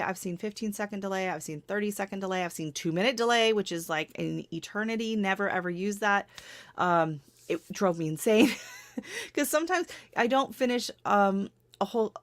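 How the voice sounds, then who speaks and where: A middle-aged woman hosts a relaxed livestream and gives advice off the cuff. She rambles, laughs often and corrects herself mid-sentence. Her pitch sits in the middle of the usual range. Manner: rambling, chatty, frequent laughs and self-corrections. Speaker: livestream host. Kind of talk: casual livestream advice chat.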